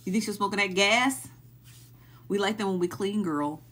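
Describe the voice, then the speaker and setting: A woman's voice: mid-range voice, moderate pace, a bit bright. A woman hosting a live stream, chatting casually and asking the same baffled questions again and again while thanking viewers as they join.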